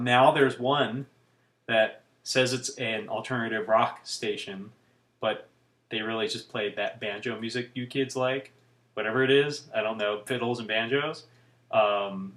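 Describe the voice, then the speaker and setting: A man's voice: on the low side, unhurried, fairly bright tone, roomy sound. A man vlogging to camera in casual, rambling chat, with wry asides as he talks.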